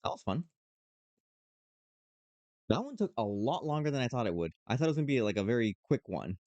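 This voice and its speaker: A man streaming, reading a dating sim aloud with playful, animated reactions. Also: mid-range voice, fairly quick, dry recording, dull audio.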